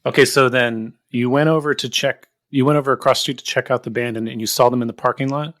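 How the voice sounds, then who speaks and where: A man's voice: medium pitch, steady tone, quick pace, fairly bright tone, no room sound. Man, podcast host, casual interviewer, hesitant questions, mid voice, dry. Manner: prompts guests with hesitant questions.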